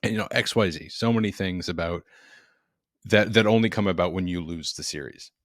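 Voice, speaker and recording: A man with a low, deep voice, co-hosting a casual sports podcast. He rambles and gets animated, laughing often as he talks. The sound is dry and close. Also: fairly quick, no echo. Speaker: podcast co-host.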